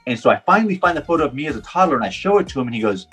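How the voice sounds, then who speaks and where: A middle-aged man from Puerto Rico, a professional driver, speaks in rapid-fire bursts with a husky, medium-pitched voice while faint music plays. In this interview he tells a personal story animatedly, acting out every line of dialogue.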